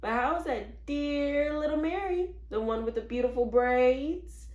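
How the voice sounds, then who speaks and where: A woman voicing a chatty, warm-hearted maid who talks in folksy, gossipy turns of phrase. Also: high voice, a little slow, echoey room, voice pushed up.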